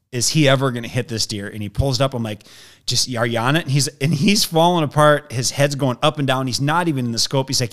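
A man's voice: medium pitch, a little fast, fairly bright tone. A man with a mid-range voice tells a story with real energy. He acts out the voices of the people in it as he goes. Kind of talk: animated hunting story.

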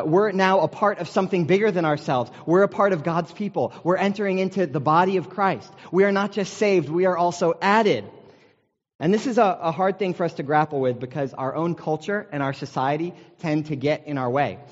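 An American man preaching a sermon in a conversational, storytelling way with self-deprecating humor, recorded in a large meeting hall. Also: high voice. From United States. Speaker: pastor. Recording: dull sound with long hall reverb.

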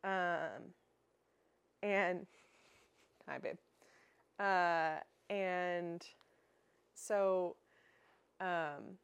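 Chatty woman podcaster, low voice. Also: no room sound. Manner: chatty, with frequent fillers and restarts. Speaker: dog training podcast host. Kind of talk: casual solo podcast explanation.

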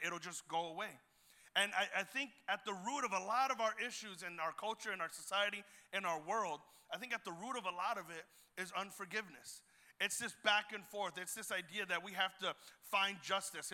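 Bright, animated man preaching. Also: high-pitched. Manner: animated and jokey, acts out voices in anecdotes. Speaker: guest preacher and youth pastor. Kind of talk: storytelling sermon. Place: church auditorium. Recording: long hall reverb.

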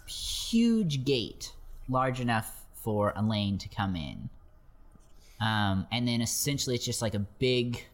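A man running a tabletop game as game master, narrating loosely with fillers and chuckles. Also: lowish voice.

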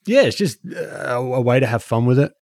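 A man's voice: mid-range voice, lively intonation, a little fast, creaky, a little mellow, dry recording, clean studio sound. A man and podcast co-host chatting casually, rambling and explaining with lots of restarts. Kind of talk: casual chat.

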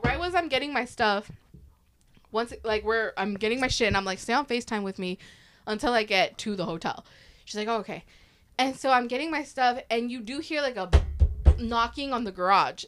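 A woman host telling a scary story in casual chat, animated and profane, acting out the people she quotes. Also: fairly high pitch, a little fast, a little hiss or hum.

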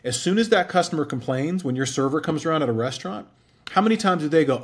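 A man in his forties, a guest in an interview, telling his story in a candid, animated way. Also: on the high side, fast. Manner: candid, animated storyteller who acts out quoted dialogue.

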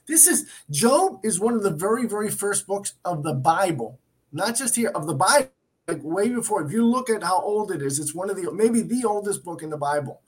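Man, christian talk show co-host, emphatic, earnest, somewhat high voice, bible talk. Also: big pitch swings, brisk. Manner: earnest, emphatic, with restarts and repetitions. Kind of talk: Bible teaching in casual chat.

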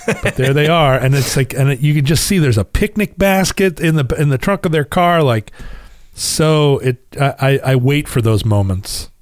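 A man's voice: a little high, normal speed, no echo, studio quality. A man co-hosting a film review podcast, telling stories with laughs and restarts in casual chat. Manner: animated, laughing storyteller with many restarts. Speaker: podcast co-host.

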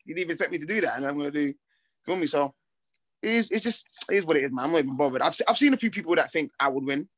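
Confident young boxer, casual. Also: male voice, a little high, rapid-fire. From Britain, with Ghanaian heritage. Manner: relaxed, confident, rambling with slang and restarts. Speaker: boxer, interview guest. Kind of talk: casual interview chat.

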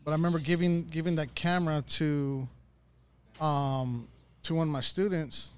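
A man's voice: fairly high pitch, steady tone, moderate pace, smooth. A middle-aged man, a former teacher, chatting as a guest in an easygoing, reflective way that halts with fillers. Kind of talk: casual chat.

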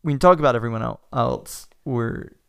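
A man's voice: mid-range voice, moderate pace, creaky, fairly bright tone, clear, resonant tone, no echo, studio quality. A man with a Southern US accent, chatting casually about films as a podcast co-host, opinionated and restarting phrases now and then. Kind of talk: casual film discussion.

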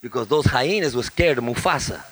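Animated pastor preaching with wide swings. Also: male voice, fairly quick, husky. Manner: animated, swings from loud and high to soft and low; humorous asides, repeats phrases in a chant. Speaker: guest pastor. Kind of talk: lively sermon. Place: church.

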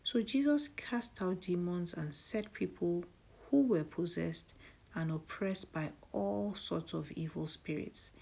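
A woman with a low, gravelly voice leads a devotional, praying and reading scripture. Her soft delivery keeps slipping into a breathy half-whisper. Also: slow. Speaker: devotional host.

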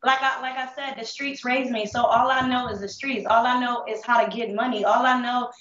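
A young woman candidly telling her hard life story in street slang, with halting restarts, holding back tears. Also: a little high, steady tone, fairly bright tone, roomy sound, distant mic, highs cut off. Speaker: interview guest. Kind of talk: emotional personal testimony.

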